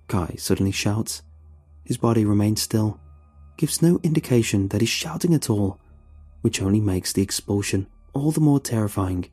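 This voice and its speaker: A man telling a first-person horror story in a tense, measured way. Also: fairly low pitch, animated, mellow, slightly rough, soft background music.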